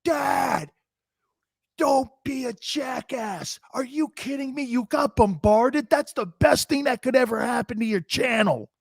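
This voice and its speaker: A man's voice: extremely high pitch, unhurried, gravelly, slightly rough, dry recording, clean studio sound, voice pushed up, exaggerated voice. A man voicing his exasperated young adult daughter as she scolds him, in a raised, incredulous tone. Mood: exasperated scolding.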